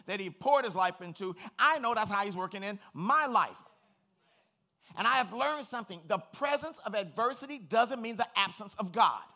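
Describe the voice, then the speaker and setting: A middle-aged man delivers a sermon from the pulpit in a high-pitched voice. He is earnest and personal and speaks in plain words. His tone is bright and forward. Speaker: pastor.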